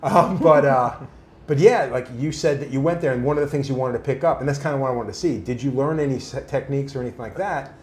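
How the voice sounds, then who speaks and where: A man tells stories casually and with animation, swearing freely and acting out the voices of the people he quotes. His voice is medium-pitched and quick, and the sound is reverberant.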